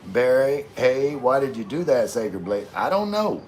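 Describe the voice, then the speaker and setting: A man's voice: mid-range voice, very animated, measured pace, a little mellow, a little hiss or hum. A man hosts a casual livestream, reading chat aloud and wandering off into loose, slangy tangents. His voice sits mid-range, and he has had a few drinks. The pace is easygoing. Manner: laid-back, slangy, rambling.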